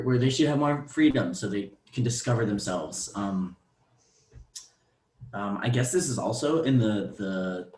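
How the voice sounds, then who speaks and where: Lower-voiced young man with many ums. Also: a little mellow. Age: young adult. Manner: thoughtful, many ums and restarts. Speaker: podcast co-host. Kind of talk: casual movie discussion. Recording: roomy echo.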